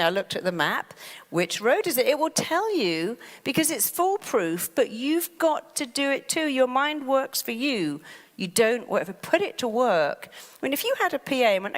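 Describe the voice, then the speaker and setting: Animated woman in a reverberant hall. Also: mid-range voice, normal speed. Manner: animated, acts out panicky inner voices. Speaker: therapist giving a talk. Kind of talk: motivational talk to an audience.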